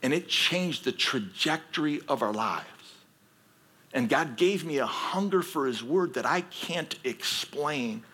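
A man's voice: fairly high pitch, lively intonation, measured pace, bright, forceful tone, breathy edge. A man preaching a sermon as a pastor, telling his own story earnestly and then pressing his point with emphatic exhortation.

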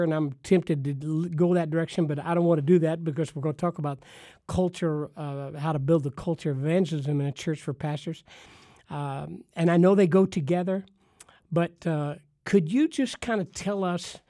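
Male ministry podcast host, slightly high voice, emphatic and preacherly. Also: mellow, no room sound, clean studio sound. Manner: emphatic, preacherly, punchy repetition. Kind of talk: enthusiastic ministry podcast talk.

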